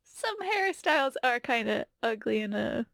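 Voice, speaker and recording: Chatty woman from North Carolina, gravelly voice. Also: on the high side, sing-song, normal speed, fairly bright tone, dry recording, clean studio sound. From North Carolina, USA. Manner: chatty, laughs often, acts out voices in anecdotes. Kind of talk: casual chat.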